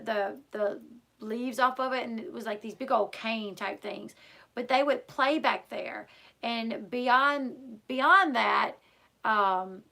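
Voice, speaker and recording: Bright, gravelly woman rambling. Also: on the high side. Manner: rambling, filler-heavy, lots of "like" and "um"; emotional, retelling a scare. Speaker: vlogger. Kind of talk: casual personal storytelling.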